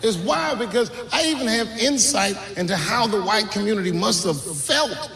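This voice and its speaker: Stand-up man with a lively, creaky voice. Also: sits high, a crowd in the background. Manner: storytelling with acted-out voices, drawn-out punchlines. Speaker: stand-up comedian. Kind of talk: stand-up comedy. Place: comedy stage before a live audience. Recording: echoey live venue with audience.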